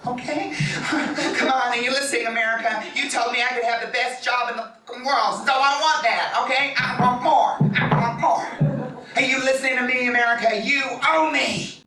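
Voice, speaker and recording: Man playing a loud boastful female country star, brassy swearing monologue, bright sharp tone, echoey room, distant mic. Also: very high voice, steady tone, fairly quick, few pauses, full character voice. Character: brash boastful female country singer, greedy and demanding. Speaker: comedy character. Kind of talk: satirical stage monologue.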